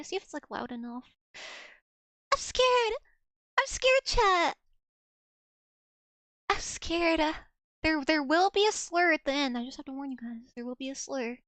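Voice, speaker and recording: High-voiced woman streamer rambling casually. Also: dry recording. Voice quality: high, soft girlish voice. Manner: rambling, self-mocking, quick restarts. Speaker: VTuber streamer. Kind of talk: casual live-stream chat.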